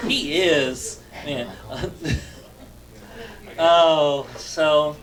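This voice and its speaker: A male comedian working a room at an unhurried pace, hesitating through plenty of ums and uhs. He chuckles at his own punchlines as he goes. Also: fairly high pitch. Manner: halting delivery full of fillers, laughs at his own jokes. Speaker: stand-up comedian and show host. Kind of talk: stand-up comedy.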